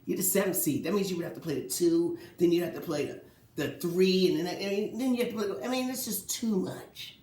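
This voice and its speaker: Animated man ranting about sports, echoey room. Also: high-pitched, brisk. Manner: animated, rhetorical questions, mocking quotes. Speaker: sports talk host. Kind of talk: casual solo sports commentary.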